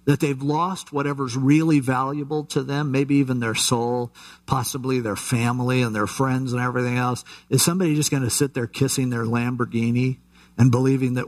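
A man preaching a conversational Bible-teaching sermon, relaxed and chatty, with asides and frequent restarts. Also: mid-range voice, fairly quick. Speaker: pastor.

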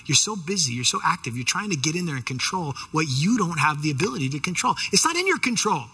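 A man preaching with a lively, swinging pitch and a bright, forceful tone. His voice has a husky grain as he retells scripture scenes with emphasis. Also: fast, hardly any pauses. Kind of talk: sermon.

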